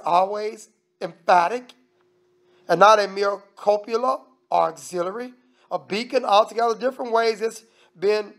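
A man preaching a sermon as minister, emphatic and conversational, often restarting his sentences. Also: high-pitched. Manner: preaching with emphatic, shifting loudness.

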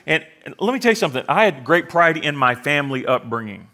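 A male pastor in middle age delivers a sermon full of humor and sarcastic asides. His voice is bright and sits a little high. He slips into quick acted-out voices for the people he quotes. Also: big pitch swings.

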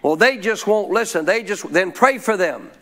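Animated and moderately paced, this pastor's high-sitting voice carries a fairly bright tone. His sermon runs on call-and-response, with questions to the audience and phrases they repeat after him.

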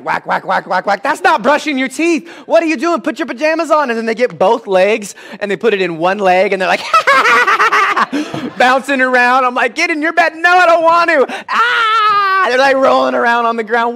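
A man in his thirties preaching a sermon in church, animated and comic as he acts out scenes with his kids. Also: extremely high pitch. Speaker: pastor.

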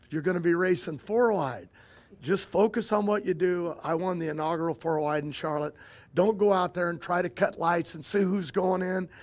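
An older man, a drag racing team owner, telling stories in a casual interview, halting and often repeating himself as he restarts. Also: high-pitched.

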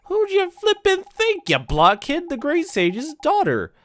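A man voicing an excitable little male fairy, brash and scolding, reading game dialogue. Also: extremely high pitch, measured pace, voice pushed up, full character voice.

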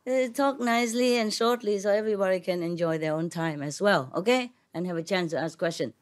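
A woman speaking to an audience in slow, halting English, mixing in French words and laughing often, with a cough. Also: mid-range voice. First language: not English. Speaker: spiritual teacher addressing an audience. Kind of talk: casual talk to an audience, joking.

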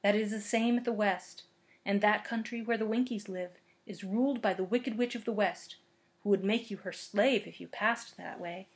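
A woman voicing a small male Munchkin who gravely warns of danger in a storybook reading. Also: mid-range voice, normal speed, close to an everyday voice.

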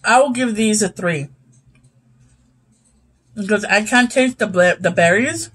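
A woman's voice: medium pitch, unhurried, fairly bright tone, husky, poor audio. A young woman chatting casually as she tastes and rates snacks, sometimes talking with her mouth full. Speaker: YouTube host. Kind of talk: casual snack review vlog.

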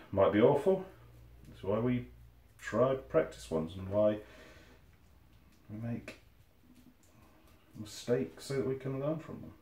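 A man's voice: lowish voice, a little mellow. A man talking casually to camera as he builds tabletop terrain, rambling, mumbling and correcting himself while he works. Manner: rambling, self-correcting, mutters while working. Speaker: hobby crafter making terrain. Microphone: phone camera some distance away. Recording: roomy distant phone recording.

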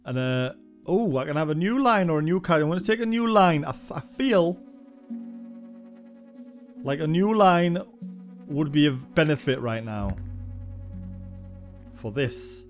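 High-voiced man commentating a game. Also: expressive, measured pace, pauses often, soft background music. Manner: sweary, thinking aloud, rambling. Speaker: game reviewer. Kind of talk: casual gameplay commentary.

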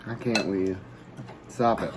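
A man's voice: low-pitched, a little slow, heavy background noise. A man chatting casually while eating, joking around and talking with food in his mouth. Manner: joking, laid-back, talks with food in mouth.

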